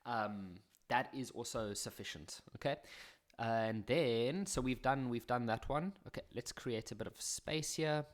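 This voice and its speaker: A man's voice: medium pitch, unhurried. A man with a South African accent teaching a maths lesson on video, chatty and fond of self-deprecating jokes.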